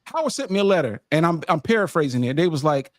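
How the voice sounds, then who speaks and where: A man from California telling a story in casual podcast chat, animated and emphatic, insisting he is not making it up. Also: fairly high pitch, fast, no room sound, studio quality. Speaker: sports podcast roundtable co-host.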